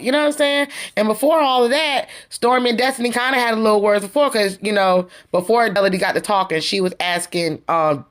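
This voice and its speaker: A woman's voice: mid-range voice, brisk, hardly any pauses. A woman hosting a casual review of a reality TV episode, retelling scenes in a chatty, slangy way and acting out the quotes. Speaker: reality TV recap host.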